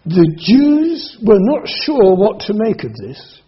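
A man preaching an expository sermon. He reads scripture aloud and then explains it, swinging between soft passages and emphatic ones. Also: high voice, huge pitch swings, takes it slowly, slightly rough, dull audio.

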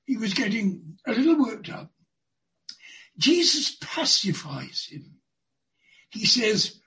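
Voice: mid-range voice, big pitch swings, slow pace, long pauses, fairly bright tone, rough recording. A preacher giving a sermon, stretching out key words for emphasis.

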